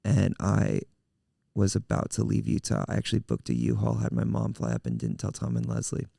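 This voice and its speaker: A male pastor in casual podcast chat, telling a story in an animated way and acting out the quotes. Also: lowish voice, fairly quick, creaky, dry recording, studio quality.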